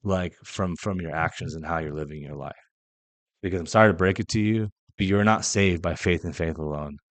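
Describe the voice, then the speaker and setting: A young man hosting a casual faith podcast monologue, impassioned and blunt, swearing freely and swinging between loud emphasis and quiet asides. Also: deep voice, a little fast, no room sound. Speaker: podcast host.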